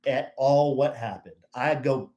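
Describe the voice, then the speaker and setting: A man's voice: medium pitch, a little slow, roomy sound, highs cut off. A man co-hosting a live stream, chatting casually and acting out the other people in his story. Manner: animated storyteller, acts out other people's lines. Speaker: co-host.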